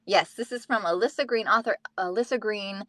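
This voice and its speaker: A woman's voice: medium pitch, brisk, fairly bright tone, no echo, studio quality. A professional audiobook narrator and livestream host, a woman who chats in a bubbly, enthusiastic way and laughs easily.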